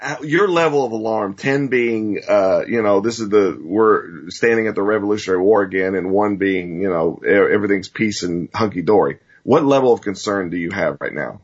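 A man hosting an interview in a low, husky voice. He talks excitably, breaking into exclamations. The audio is muffled and lo-fi. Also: moderate pace, few pauses. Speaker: host. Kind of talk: talk show interview.

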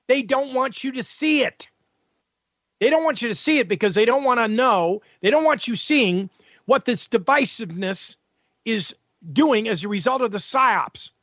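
A man's voice: extremely high pitch, lively intonation, normal speed, a bit bright, no echo, highs cut off. A male talk radio host delivering an opinionated, combative monologue full of sarcasm and rhetorical questions.

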